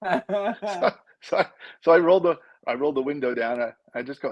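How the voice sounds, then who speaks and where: Husky middle-aged man joking as a guest. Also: fairly high pitch, fast, no room sound, muffled recording. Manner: laughing, joking storyteller. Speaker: guest caller. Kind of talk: casual chat on a video call.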